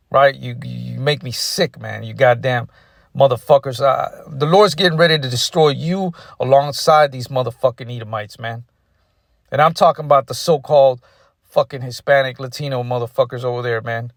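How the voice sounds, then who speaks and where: A man delivers a furious, profane street sermon in a mid-pitched voice. He hammers each point home and caps almost every phrase with "man". The recording is close and dry, with no room echo. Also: fairly even intonation, moderate pace, gravelly. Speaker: street preacher. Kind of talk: angry ranting sermon.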